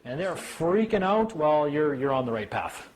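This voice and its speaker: A man in casual talk to a small group, an animated storyteller who mimics officials in a higher voice. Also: normal speed, slight background noise. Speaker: speaker.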